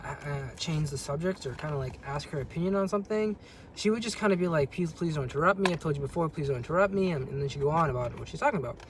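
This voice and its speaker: Rambling man with a higher voice. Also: a little hiss or hum. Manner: rambling, repeats words and restarts sentences. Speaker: vlogger. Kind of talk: casual monologue.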